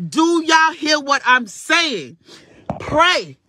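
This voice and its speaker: A woman's voice: high voice, big pitch swings, drawn-out words, sharp tone, no echo. A grandmother speaking to her followers in a fervent, preacherly testimony, laughing and crying at once as she praises God. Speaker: vlogger.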